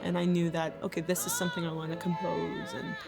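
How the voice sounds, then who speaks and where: A woman's voice: on the low side, completely flat delivery, fast talker, creaky. A woman composer and theater maker talking about her work in a thoughtful, earnest way. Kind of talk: reflective interview talk.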